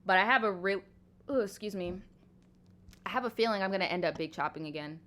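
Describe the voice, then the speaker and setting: A young woman in her twenties chatting on a live Q&A stream. She talks frankly and loosely, with plenty of "like"s, and swears casually. Her pitch sits mid-range for a woman. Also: a little fast, fairly bright tone, slight background noise. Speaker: livestream host.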